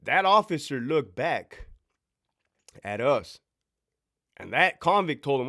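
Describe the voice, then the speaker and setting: A man's voice: mid-range voice, big pitch swings, takes it slowly, a bit bright. A man in his thirties, a former prison sergeant, telling stories in a blunt, profane, emphatic way with rhetorical questions. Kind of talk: casual storytime monologue.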